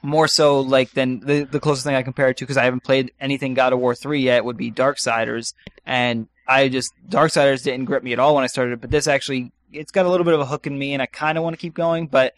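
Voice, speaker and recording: A man's voice: mid-range voice, steady tone, fast talker, no echo. A man co-hosting a podcast, chatting casually and rambling with many fillers and restarts. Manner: rambling, lots of ums and restarts. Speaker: podcast co-host. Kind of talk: casual chat.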